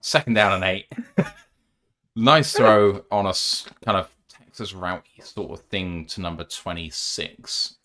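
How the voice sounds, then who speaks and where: A man with a Scouse accent co-hosting a live football reaction stream. He calls the plays in quick bursts, reads out chat and laughs often. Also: low voice, sharp tone. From England. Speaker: co-host calling play-by-play and reading chat.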